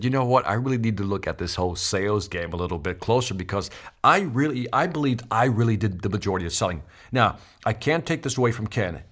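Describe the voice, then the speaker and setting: Middle-aged guy telling a sales story, lots of energy, acts out the quotes, lowish voice. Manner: animated storyteller acting out quotes. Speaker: sales speaker. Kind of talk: storytelling talk.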